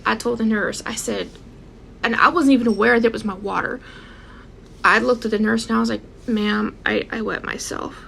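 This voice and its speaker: A young woman telling a personal story in a casual, animated way, speaking straight to her viewers and acting out what people said. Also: fairly high pitch, a little fast, gravelly, long pauses, slight background noise. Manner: animated, addresses viewers directly, acts out quotes.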